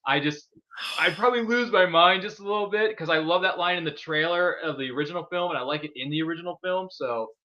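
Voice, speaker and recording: A man hosting a casual podcast chat about movies, excitable and gushing, talking in quick bursts. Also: on the high side, highs cut off. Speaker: podcast host.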